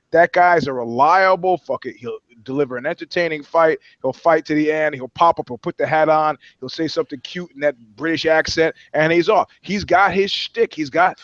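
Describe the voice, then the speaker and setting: A man rambles through a comedy podcast chat, swearing freely and riffing with jokes. His voice sits a little high. The sound is dry and a bit dull and lo-fi. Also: no room sound. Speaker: podcast co-host.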